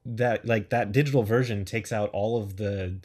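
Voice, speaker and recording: A man chatting casually on a podcast about games. His voice sits a little low, and he talks in an easygoing, rambling way full of fillers. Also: moderate pace. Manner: relaxed, rambling with many fillers. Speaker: podcast co-host. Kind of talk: casual gaming chat.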